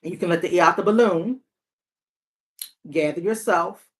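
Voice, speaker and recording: Speaking at a normal speed in a lowish voice, a woman therapist and hotline counselor reflects casually in a monologue. She talks earnestly and keeps returning to her key phrases.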